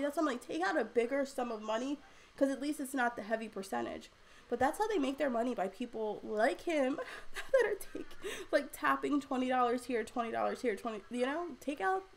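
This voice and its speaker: A woman's voice: high voice, slight background noise. A young woman hosting a casual home livestream at a desk microphone, reading out viewer comments and chatting with lots of fillers and frequent laughs. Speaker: livestream host.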